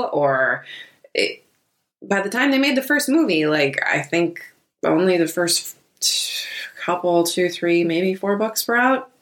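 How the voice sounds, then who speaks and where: A woman co-hosting a casual podcast chat, blunt and swearing often. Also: deep voice. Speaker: podcast co-host.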